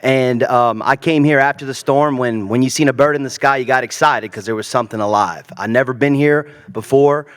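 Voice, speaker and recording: A man's voice: mid-range voice, a little fast, hardly any pauses, smooth. A man from Louisiana, his Cajun accent mostly faded, speaking casually at a candidate forum with many fillers and restarts. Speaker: council candidate. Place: large hall, public forum. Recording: long hall reverb.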